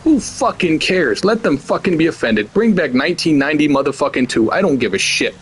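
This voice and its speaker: Man, forties, gaming host, fiery profane rant, fairly high voice. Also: animated, brisk, slight background noise. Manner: heated, profane, blunt ranting. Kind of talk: ranting commentary over gameplay.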